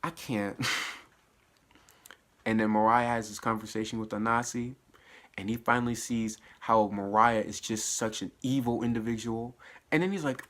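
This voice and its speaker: This TV episode reviewer recaps a show from home in a casual, spoiler-heavy way, full of slang and animation. Speaking at a normal speed, he swings between low muttering and high exclamations, laughing frequently.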